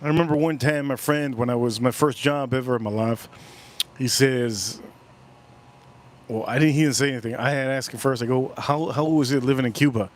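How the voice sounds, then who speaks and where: A man's voice: mid-range voice, fairly even intonation, brisk. A man hosting a casual livestream, rambling through stories, swearing casually and repeating himself as he talks. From United States. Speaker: whiskey livestream host.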